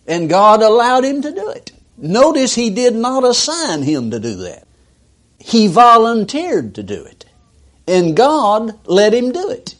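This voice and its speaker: A man's voice: sits high, wildly swooping pitch, measured pace, fairly bright tone. A male preacher giving a sermon, reading scripture aloud and stopping to explain it with emphatic inflection.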